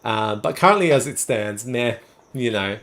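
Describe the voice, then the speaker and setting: A livestream host in his twenties or thirties talks with viewers in a Sydney Australian accent, speaking at normal speed with a medium pitch. He's relaxed and chatty, answering each of their messages in turn.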